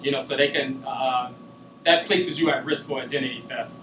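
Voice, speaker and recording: A man's voice: mid-range voice, fairly even intonation, normal speed, roomy sound, distant mic, noisy background. A man giving a class presentation, talking loosely with many filler sounds. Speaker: student giving a class speech.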